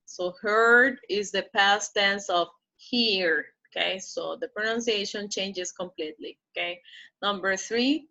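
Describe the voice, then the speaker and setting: A woman teaching English pronunciation. She says each model phrase slowly and carefully and checks in with "okay?" after it. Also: medium pitch, steady tone, pushed and bright, rough recording. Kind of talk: pronunciation lesson.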